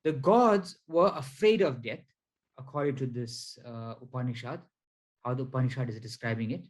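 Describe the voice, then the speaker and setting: A man giving a spiritual lecture over slides, explaining slowly and deliberately with frequent fillers. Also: medium pitch, low-quality recording. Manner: counts syllables aloud one by one. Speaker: spiritual teacher.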